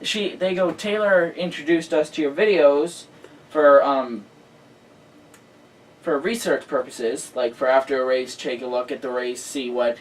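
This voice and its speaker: Excitable man telling a story. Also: mid-range voice, unhurried, far from the mic, poor audio. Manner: excitable storyteller, lots of filler words. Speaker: host. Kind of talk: casual chat.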